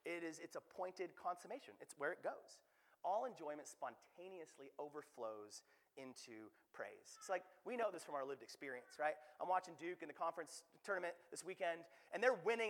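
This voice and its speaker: A man in his thirties from Alaska, preaching a sermon in an animated, conversational way that swells loudly when he gets excited. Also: sits high, brisk. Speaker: pastor. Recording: long hall reverb.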